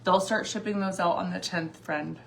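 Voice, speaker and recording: A woman's voice: lowish voice, steady tone, moderate pace, creaky, noisy background. A woman in her forties chatting on a livestream in a rambling way, with many fillers and restarts, teary at times. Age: 40s. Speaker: vlogger and mom. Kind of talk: casual livestream chat.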